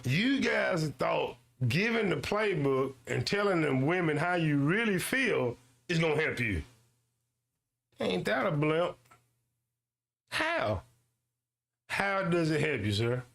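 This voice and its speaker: Gravelly, swaggering ranting man host. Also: sing-song, takes it slowly, pauses often. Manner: loud swearing rant with slang and repetition; mocking high-pitched voices for others. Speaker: YouTube show host. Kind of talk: ranting commentary monologue.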